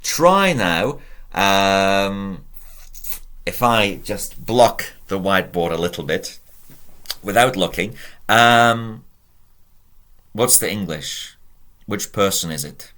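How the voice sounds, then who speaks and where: Male Latin tutor, deep and unhurried, patient and encouraging, chants conjugations with a lift on the first form. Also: animated, pushed and bright. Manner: patient, drills conjugations aloud with rising emphasis; encouraging, addresses viewers directly. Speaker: Latin teacher. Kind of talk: whiteboard lesson.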